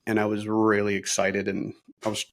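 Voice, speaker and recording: A middle-aged man talking as an interview guest, energetic and optimistic, with many fillers and restarts. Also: lowish voice, moderate pace. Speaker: brokerage leader, interview guest. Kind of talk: casual interview talk.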